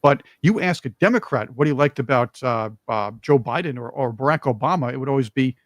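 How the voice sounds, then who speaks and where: A man hosting a political talk show, opinionated and joking, with emphatic, animated delivery. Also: mid-range voice, brisk, hardly any pauses, no echo, clean studio sound.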